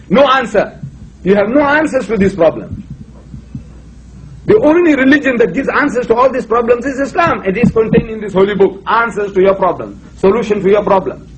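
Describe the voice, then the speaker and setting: A man's voice: sits high, a little hiss or hum. An older man from Africa, giving an emphatic, rhetorical public lecture in a university hall, quoting scripture. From South Africa. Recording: dull lo-fi lecture recording.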